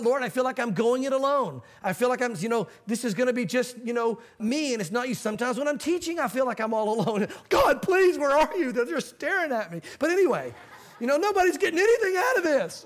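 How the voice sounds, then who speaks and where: A man's voice: extremely high pitch, animated, quick pace, hardly any pauses. A male pastor preaching a sermon, telling a story with acted-out quotes and teaching from a Bible verse.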